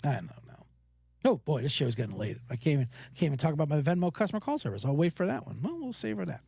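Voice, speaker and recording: A man hosting a podcast, telling stories in an animated, profane casual rant. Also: on the high side, fast, gravelly, slightly rough, no room sound. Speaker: podcast host.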